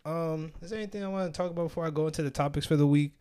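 Racing through his stories, this young podcast host chats casually, leaning heavily on slang and laughing often. His fairly high voice sounds warm and clean.

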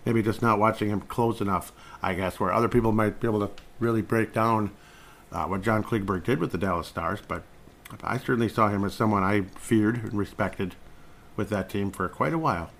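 A man's voice: lowish voice, a little fast, fairly bright tone. Rambling man chatting about sports. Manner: rambling, chuckles between thoughts. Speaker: podcast host. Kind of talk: casual sports chat.

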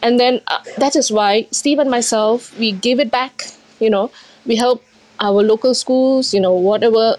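In an interview, a middle-aged restaurant owner from India talks with emotion, often using fillers and starting over. Her voice is fairly high and darkish in tone, at a normal speed.

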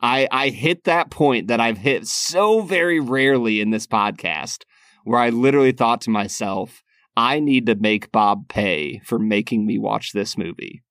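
A man co-hosting a podcast, talking in a teasing, deliberate way with bursts of laughter. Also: medium pitch, fairly bright tone, no echo, studio quality. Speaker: podcast co-host. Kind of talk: casual chat.

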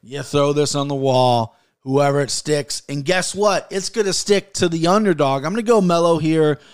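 Man in his thirties, fight-picks podcast host, angry, swearing, rambling, slightly high voice. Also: normal speed, smooth. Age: 30s. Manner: heated, profane, rambling. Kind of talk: casual podcast rant and betting picks.

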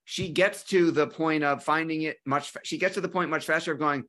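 A man in his forties hosts a relaxed podcast conversation. His voice is bright and fairly high, and he comes across as keen and agreeable as he tells personal stories. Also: brisk.

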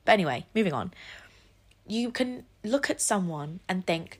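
A woman's voice: medium pitch, lively intonation, normal speed, husky. A young woman hosting a solo podcast, speaking earnestly and encouragingly, with self-deprecating asides. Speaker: podcast host.

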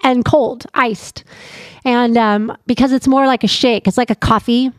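Chatty woman on a podcast, kinda high voice, dry close sound, rambles a lot. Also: steady tone, unhurried, dry recording. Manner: rambling, chatty, laughs easily. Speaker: podcast co-host. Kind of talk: casual chat.

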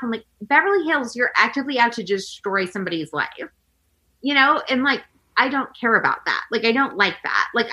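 Woman in her thirties, podcast host, casual chat, bright tone, husky voice, animated storytelling. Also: fairly high pitch. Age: 30s. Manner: animated storytelling, acting out quotes, lots of "like".

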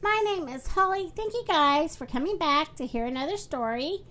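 A woman hosting a children's story podcast, reading aloud in a friendly, animated way. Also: high voice, moderate pace.

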